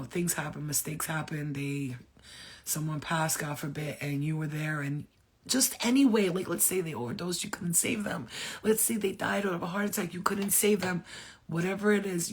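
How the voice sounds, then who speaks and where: A woman in her fifties, a spiritual medium, speaking earnestly to viewers in halting, repetitive phrases. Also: sits low, breathy edge. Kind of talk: channeled message to viewers.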